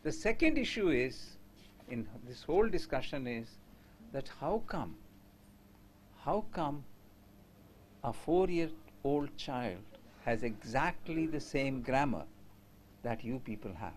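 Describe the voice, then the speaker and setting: A man's voice: medium pitch, very animated, takes it slowly, long pauses, slight background noise. A man giving a conversational lecture to teachers and asking the audience questions.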